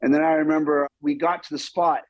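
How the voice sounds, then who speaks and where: A man's voice: on the high side, a little fast, no room sound, dull audio. A man, a stuntman guest, telling stories in an interview and acting out the lines people said. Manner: animated, acts out quoted lines. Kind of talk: storytelling interview.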